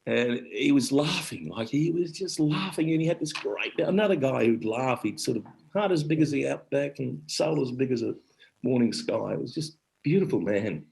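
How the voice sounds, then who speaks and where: Lively intonation and vocal fry mark this middle-aged Australian man's mid-range voice, delivered at a normal speed on a low-quality recording. As a guest actor and storyteller, he rambles through casual stories warmly, breaking sentences off partway.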